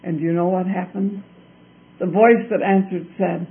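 A man telling a fairy tale in a deliberate way, with a lot of repetition. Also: high voice, fairly even intonation. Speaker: storyteller. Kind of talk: told fairy-tale narration. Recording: tinny phone-like recording.

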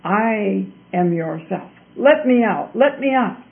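A man's voice: high voice, lively intonation, slow pace, vocal fry, heavily acted. A man voicing a sobbing, trapped inner self who begs again and again to be let out. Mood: pleading. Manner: pleading, repeated cries. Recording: tinny phone-like recording.

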